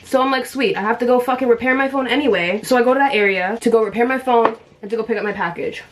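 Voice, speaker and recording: A woman's voice: a little high, fast talker. A young woman vlogger telling a story in a blunt, heated, profane way while she does her makeup. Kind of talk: storytime vlog.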